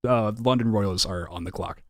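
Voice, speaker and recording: A man hosting a live online draft stream, with relaxed, upbeat announcer patter. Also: on the low side, moderate pace, dry recording, studio quality. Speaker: draft host.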